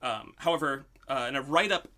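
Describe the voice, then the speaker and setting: A man's voice: mid-range voice, fairly quick, bright, forceful tone. A man hosting a podcast, telling a story in casual chat, full of "um" and "like". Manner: storytelling with many "um" and "like". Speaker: podcast host.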